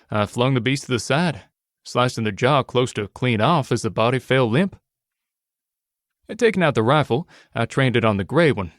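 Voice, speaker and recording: A man's voice: mid-range voice, dry recording, clean studio sound. A man narrating an audiobook in a wry, casual first-person manner.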